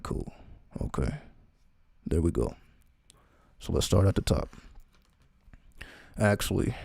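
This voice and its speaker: A man casually reading a text aloud, slowly and with frequent asides, in loose informal talk. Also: deep voice, vocal fry, dark tone, slightly rough, no room sound. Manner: reads slowly, stopping often for asides.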